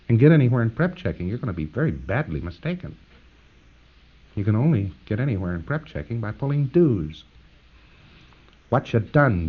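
A man's voice: mid-range voice, slightly rough, lo-fi sound. A man giving a conversational, jokey lecture to trainees, acting out little scenes as he explains.

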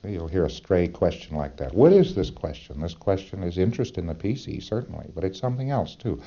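Male lecturer, low and dark, folksy and emphatic with rhetorical asides, muffled old tape sound. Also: big pitch swings, fairly quick, gravelly. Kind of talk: lecture to trainees.

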